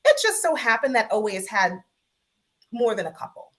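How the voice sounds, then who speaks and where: A woman on a video call, a podcast guest in casual sports talk, measured and lawyerly, repeating her points. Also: fairly high pitch, big pitch swings, fairly bright tone.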